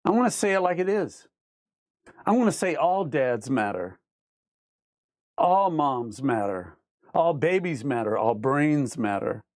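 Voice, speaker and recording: A man's voice: mid-range voice, sing-song, measured pace, pauses often, a little mellow, no echo. Ranting man with dry sound. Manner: emphatic, repetitive, argumentative; reads viewer comments aloud and rebuts them. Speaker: livestream host. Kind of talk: ranting live chat reading.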